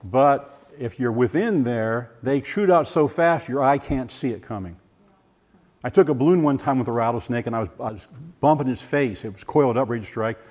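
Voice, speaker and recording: An older man giving a personal testimony, animated and full of restarts, acting out voices as he tells the story. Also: mid-range voice, normal speed. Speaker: former science teacher giving a testimony. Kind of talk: personal testimony talk to a group.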